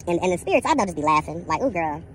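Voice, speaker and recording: A woman's voice: lowish voice, very animated, rapid-fire, a little hiss or hum. A woman telling a story as a casual vlog rant, sassy and profane, dramatic, calling the listener "girl" again and again. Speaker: vlogger.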